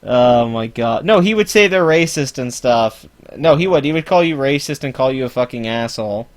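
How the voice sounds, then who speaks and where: A man's voice: mid-range voice, expressive, normal speed. Man, live-stream reaction host, casual, profane, sarcastic ranting. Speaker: channel host.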